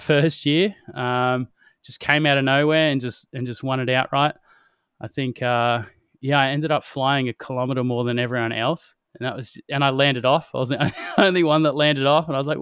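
A young Australian man, a professional wingsuit pilot, telling stories in a relaxed, slangy way and laughing often. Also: mid-range voice, clear, resonant tone, no room sound, clean studio sound. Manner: laid-back storytelling, slangy, laughs often. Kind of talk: casual chat.

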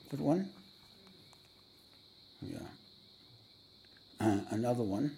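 A man, a spiritual teacher, telling a story to a meditation audience in a rambling way, often clearing his throat and using fillers. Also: medium pitch, unhurried, mellow.

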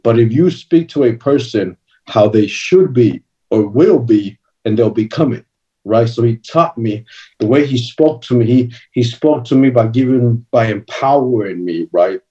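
A man's voice: mid-range voice, animated, unhurried, dark tone. A man giving a personal testimony as a guest minister, speaking in an earnest, conversational way with casual slang. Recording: distant, dull lo-fi recording.

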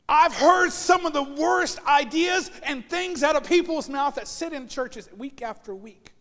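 A man's voice: very high voice, unhurried, few pauses, a bit bright, long reverb tail. A man preaching a sermon as pastor, telling personal stories and acting out the voices of people he quotes. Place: church sanctuary.

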